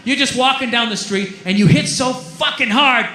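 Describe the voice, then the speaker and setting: Ranting stand-up guy, high bright voice, swearing a lot, echoey club room. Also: moderate pace, slight background noise. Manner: loud, ranting, profane, swings between shouting and muttering. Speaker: stand-up comedian. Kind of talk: stand-up comedy routine. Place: comedy club stage.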